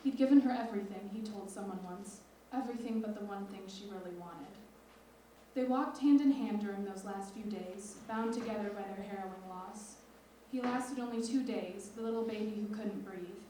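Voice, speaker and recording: A teenage girl reading her own lyric essay aloud on stage in a measured, expressive way. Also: mid-range voice, slight background noise. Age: teens. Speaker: student writer. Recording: echoey hall from far off.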